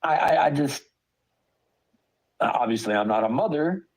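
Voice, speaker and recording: A man's voice: medium pitch, lively intonation, a little slow, poor audio. A man, a father, ranting angrily to his stream, swearing hard and stammering in disbelief. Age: adult parent. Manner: angry, profane, stammering with disbelief. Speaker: streamer ranting about online drama. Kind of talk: heated profane rant.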